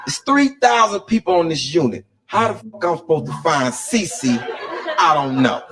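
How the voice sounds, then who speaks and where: A male comedian spinning a long stand-up story, his voice sitting a little high. He stays animated, laughs through his own lines, and keeps jumping into the voices of the people in his tale. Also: moderate pace, rough recording.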